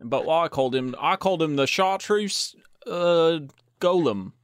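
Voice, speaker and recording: A man's voice: on the high side, expressive, unhurried, smooth, dry recording, clean studio sound, pitched above the performer's own voice. A man doing a bumbling fake-English Spider-Man. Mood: goofy. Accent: exaggerated fake English accent. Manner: silly, bumbling, stammering. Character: hammy British male Spider-Man spoof.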